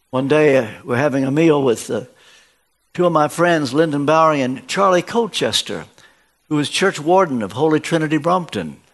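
Visiting a church as a guest preacher, an older man delivers a sermon built on stories, voicing the characters' dialogue through changes in pitch.

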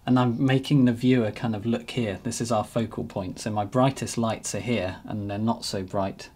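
A man narrating a painting demonstration as he works, relaxed and thinking aloud. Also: fairly low pitch, normal speed, breathy edge. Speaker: painting teacher.

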